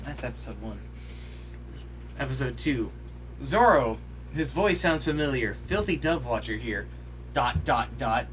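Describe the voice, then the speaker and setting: A man's voice: medium pitch, expressive, measured pace, long pauses, slight background noise. A man on a podcast reading out his joking reactions to a show. He is sarcastic, swears freely and breaks into bursts of mock outrage. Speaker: podcast co-host. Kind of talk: reading out humorous episode reactions. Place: podcast studio.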